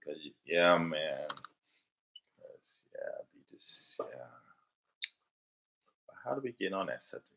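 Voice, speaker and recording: A man's voice: sits low, sing-song, slow pace, creaky, pauses often, fairly bright tone, slight background noise, rough recording. A middle-aged man, hosting a late-night casual livestream chat, rambling bluntly with many fillers and curse words. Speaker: livestream host answering viewer questions.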